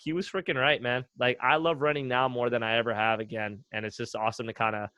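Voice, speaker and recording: A young man chatting on a podcast in an easygoing, rambling way, full of fillers and little re-enacted conversations. His voice sits at an ordinary pitch, and the sound is close and dry, with no room around it. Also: quick pace, clear, resonant tone, no echo. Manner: relaxed storytelling with many fillers, acts out quotes. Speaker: guest, retired runner. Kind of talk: casual podcast chat.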